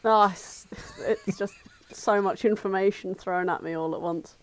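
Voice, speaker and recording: A woman's voice: mid-range voice, steady tone, a little slow, a little hiss or hum. A woman co-hosting a casual chat, dry and self-deprecating. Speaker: podcast co-host.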